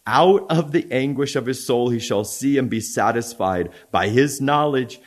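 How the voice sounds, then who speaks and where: A man's voice: mid-range voice, lively intonation, normal speed. Male preacher, mid-range voice, reads scripture and then explains it, emphatic, restarts and repeats himself. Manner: frequent restarts and stammered repeats. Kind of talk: sermon.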